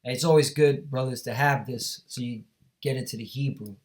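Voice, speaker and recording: Speaking fairly quickly in a mid-range voice, a male Bible teacher reads verses from scripture and follows each with emphatic commentary. He often pauses to check in with the people listening.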